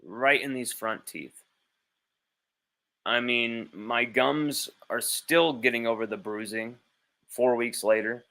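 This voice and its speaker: A sports podcast host runs a livestream from home with his child nearby, talking casually in a rambling, blunt way and swearing easily. His medium-pitched, creaky voice has a sharp tone, and he speaks slowly with long pauses.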